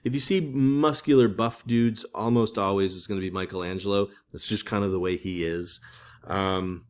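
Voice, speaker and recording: A man's voice: fairly low pitch, steady tone, normal speed, smooth. Chatty male art history professor. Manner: chatty, with many fillers and restarts. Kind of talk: casual classroom lecture.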